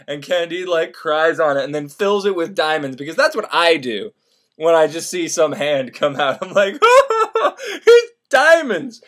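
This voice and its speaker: Slipping into silly character voices, a man retells a classic novel for laughs in a casual, rambling, profane way. His voice is a little high and a bit bright.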